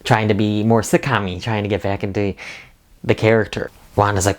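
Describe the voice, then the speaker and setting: A man with a lowish voice and flat delivery talks a little fast as he hosts a casual spoiler recap and review. Though the delivery is flat, he's an enthusiastic video reviewer who rambles and keeps saying "like."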